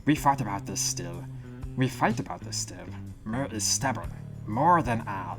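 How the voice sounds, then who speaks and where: A man voicing a small, stubborn male creature scribe in a high, squawking, duck-like voice, reading game text aloud. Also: expressive, unhurried, music in the background. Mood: earnest.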